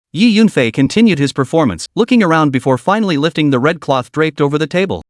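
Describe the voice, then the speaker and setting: A man's voice: on the high side, expressive, fast talker, few pauses, dry recording, studio quality. A man narrating a comic story recap in a scripted storytelling style, voicing every character himself.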